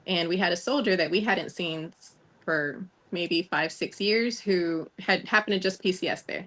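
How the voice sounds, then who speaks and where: A woman guest in a casual conversation, telling a personal story with energy and acting out what each person said. Her voice sits a little low for a woman. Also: normal speed. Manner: animated storyteller, acts out quoted dialogue.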